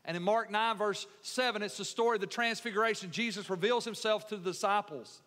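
High bright-voiced male preacher. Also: a little fast, long reverb tail. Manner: preaching with rising emphasis, dropping to soft tender lines. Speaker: pastor. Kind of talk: sermon.

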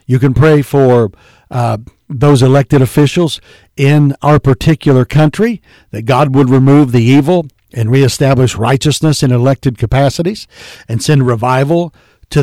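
Here a man delivers an earnest sermon, reading King James scripture aloud and referring to listeners as "folks" and "believer." His mid-range voice has a warm tone, and the studio-quality recording carries no echo.

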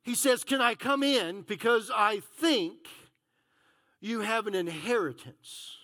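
A man pastor preaching a sermon, telling a story and acting out the dialogue with animated delivery. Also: high voice, slow.

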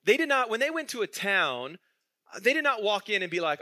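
A man's voice: high-pitched, very animated, fairly quick, bright, forceful tone, no echo, studio quality. A male pastor preaching a sermon in a conversational way, asking the congregation questions and chuckling through his stories.

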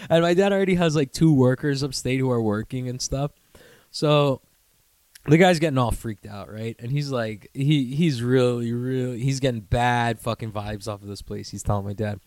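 A young man from the New York area hosts a podcast, speaking at medium pitch and a moderate pace with a darkish tone and no echo. In casual chat he tells a rambling, profane story, laughing along the way.

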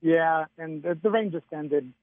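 A man's voice: a little high, measured pace, no room sound. Chatty male forecaster on a tinny phone line. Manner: chatty, relaxed, chuckles often. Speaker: weather forecaster. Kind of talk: casual radio weather chat.

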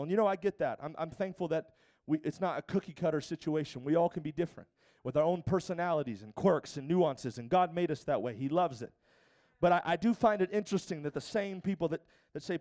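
A male pastor preaching a sermon, rising from quieter asides to shouted exhortations. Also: fairly high pitch, fast talker.

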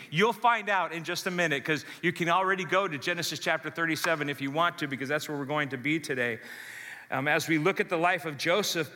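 Animated preacher man in an echoing hall. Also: fairly high pitch, fairly quick. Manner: animated storytelling, acts out voices. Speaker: pastor. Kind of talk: sermon.

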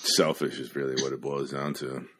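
A man with a very low voice chats about a short story on a podcast. He is hoarse from a cold and talks in a relaxed, halting way, full of ums and restarts. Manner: relaxed, hesitant, frequent ums. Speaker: podcast co-host. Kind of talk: casual book discussion.

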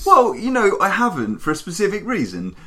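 A man co-hosting a podcast, chatting casually with jokes and quick asides. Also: high voice, huge pitch swings, bright, forceful tone. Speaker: podcast co-host.

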